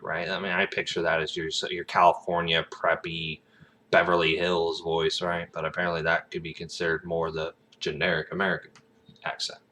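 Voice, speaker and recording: In a deep, monotone voice at normal speed, a man vlogs about his hopes of acting, wandering off topic and filling gaps with fillers. His tone is bright and forceful, and the recording has a little hiss or hum.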